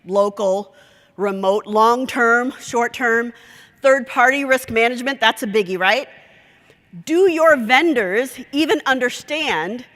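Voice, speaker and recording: A woman speaking at a conference with a sharp, bright tone that sits a little high. She tells a lively story and acts out the dialogue. Her voice echoes around a large conference hall.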